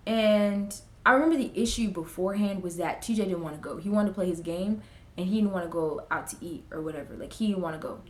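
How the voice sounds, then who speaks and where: A young woman talks fast at medium pitch while filming a get-ready-with-me vlog in an echoey room. Casual and animated, she narrates the story by performing her relatives' quoted lines.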